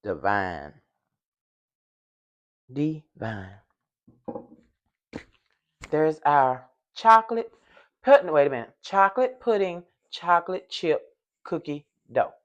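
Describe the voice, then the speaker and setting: A woman's voice: fairly low pitch, expressive, normal speed, lo-fi sound. Chatty older woman baking at home. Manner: chatty, talks to viewers as y'all, hums while working; loud at times, apologizes for yelling into the mic. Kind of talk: casual cooking vlog. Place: home kitchen. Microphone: microphone.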